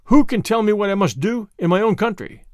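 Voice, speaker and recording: A man's voice: high voice, very animated, brisk, a little mellow, no echo, studio quality. A man reading the lines of a proud Native chief who firmly refuses orders. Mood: defiant. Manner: firm, declaring.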